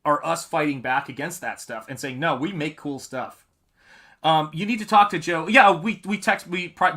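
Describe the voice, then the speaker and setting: A man with a bright, forceful and somewhat high voice talks loosely while he paints live. He rambles from one thought to the next and answers viewer comments along the way. His delivery stays casual and unscripted throughout. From New England. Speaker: artist hosting a live painting stream.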